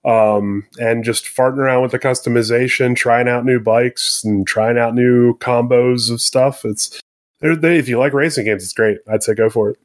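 A man's voice: medium pitch, steady tone, normal speed, no room sound. A man talking loosely and bluntly as a guest reviewer on a gaming podcast. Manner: loose, blunt, a bit of profanity. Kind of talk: casual podcast chat.

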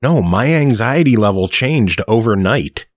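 A man's voice: lowish voice, lively intonation, unhurried, no echo, studio quality. A man hosting a podcast in casual chat, joking around and laughing often. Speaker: podcast host.

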